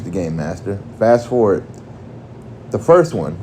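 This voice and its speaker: Slow deadpan male storyteller. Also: deep voice, a little hiss or hum. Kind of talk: comic story narration.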